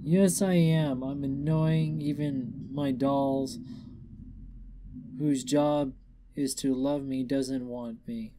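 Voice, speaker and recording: A man reading aloud and voicing a tipsy, weepy young female pony, raising his voice higher for her. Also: flat delivery, drawn-out words, long pauses, dark tone, a little hiss or hum. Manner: slurred, self-pitying, stammering.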